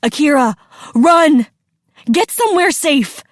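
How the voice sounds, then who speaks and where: Storybook dad, frantic and urgent, shouting, read by a woman. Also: sits high, expressive, takes it slowly, no echo, clean studio sound, voice pushed up. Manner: urgent yelling. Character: frantic father shouting through a fire.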